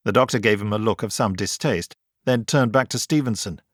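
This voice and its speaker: A man reading an audiobook in scripted narration, measured and even. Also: on the low side, dry recording, clean studio sound.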